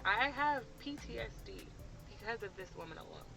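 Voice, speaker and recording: A woman's voice: fairly high pitch, lively intonation, fairly quick, creaky, music in the background, low-quality recording. A woman in her late twenties from the Washington DC area, telling a personal story to camera in an emphatic, impassioned way. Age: late 20s.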